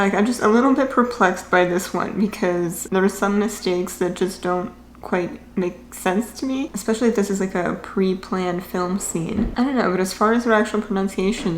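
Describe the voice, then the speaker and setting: A young woman talks through clips in a relaxed, chatty way, thinking out loud and hedging as she goes. Her voice sits at an ordinary middle pitch. The room has a noticeable echo and a faint hum underneath. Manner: chatty, thinking aloud with fillers. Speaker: reaction video host. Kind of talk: casual commentary on clips.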